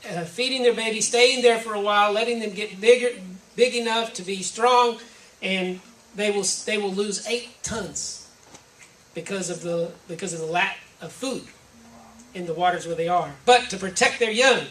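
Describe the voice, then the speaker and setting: A woman's voice: mid-range voice, normal speed, slight background noise. A woman giving a conversational, reflective sermon, listing examples one by one, recorded from a distance in a church hall. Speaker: preacher. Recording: roomy echo from a distant mic, faint ambience.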